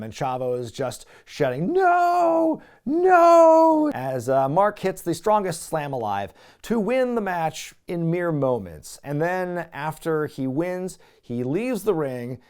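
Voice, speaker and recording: A man with a mid-range, darkish voice hosts a casual wrestling review show, recapping matches in casual commentary with wry, chuckling asides.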